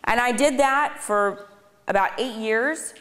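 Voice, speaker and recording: Her voice is a little high and a bit bright, and she takes it slowly. The public speaker, a woman in her thirties, gives a chatty personal testimony with dry sarcastic asides to a live audience in an echoing lecture hall on her speaking tour.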